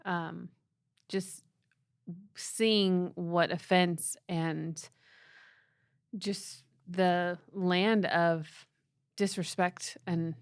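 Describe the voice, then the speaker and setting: A woman's voice: on the low side, steady tone, very slow, long pauses, clean tone, no room sound, clean studio sound. A middle-aged woman co-hosting a faith podcast, speaking earnestly and thoughtfully in casual talk. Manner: earnest, thoughtful, with frequent filler restarts. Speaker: podcast co-host.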